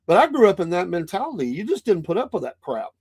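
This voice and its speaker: Middle-aged southern guy rambling on a podcast, kinda high voice, lots of "you know". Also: huge pitch swings, fast, darkish tone, husky. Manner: rambling storytelling, many restarts and fillers. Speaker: podcast host. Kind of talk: casual monologue.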